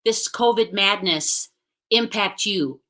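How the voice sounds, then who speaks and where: A woman hosting a video call interview, asking admiring questions in an unhurried, hesitant way. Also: medium pitch, fairly bright tone, poor audio. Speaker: interview host. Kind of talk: casual interview.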